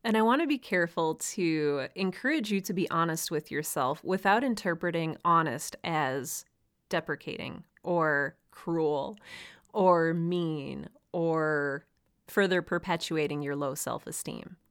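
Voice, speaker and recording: A woman's voice: low-pitched, measured pace, smooth. Earnest woman podcasting to writers. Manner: earnest, encouraging, laughs lightly now and then. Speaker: podcast host. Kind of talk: solo podcast talk to writers.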